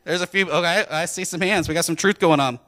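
A man's voice: on the high side, fast talker, bright, forceful tone. A man from Wisconsin preaching a sermon in a church, talking to the congregation conversationally and with jokes. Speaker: pastor.

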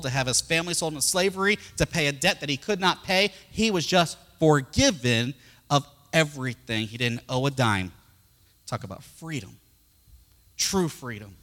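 A man's voice: mid-range voice, fairly bright tone. A man preaching a sermon and telling a story emotively, with a wide dynamic range. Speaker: pastor. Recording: long hall reverb.

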